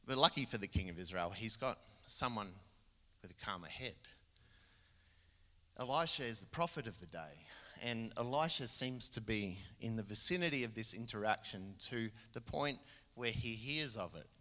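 A man's voice: lowish voice, moderate pace. Australian man preaching in a reverberant church. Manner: expressive storytelling with acted-out quotes. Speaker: guest preacher. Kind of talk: sermon.

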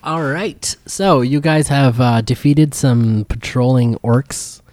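A man acting as dungeon master, narrating the scene in a relaxed way with frequent ums and pauses. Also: mid-range voice, no room sound. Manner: relaxed, hesitant with ums, easygoing. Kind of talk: narrating a tabletop game.

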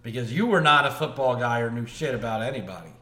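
A man's voice: medium pitch, animated, quick pace, sharp tone, echoey room. A man co-hosting a casual podcast, asking another host questions in an interviewer-like way.

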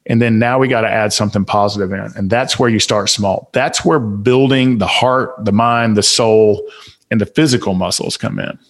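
A man's voice: fairly low pitch, normal speed. A man with a Southern US accent, a guest on a podcast interview, giving motivational advice in a preachy, emphatic way full of rhetorical questions. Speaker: guest author and speaker.

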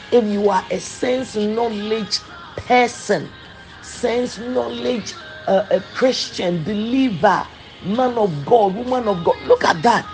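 A man preaching a sermon, slow and emphatic, repeating phrases for weight. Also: high-pitched, poor audio.

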